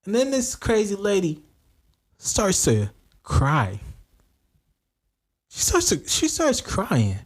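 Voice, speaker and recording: A man's voice: sits high, takes it slowly, long pauses. A man co-hosting a podcast, telling a story in casual chat and acting out the quoted lines. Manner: animated storyteller who acts out quoted lines. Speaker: podcast co-host.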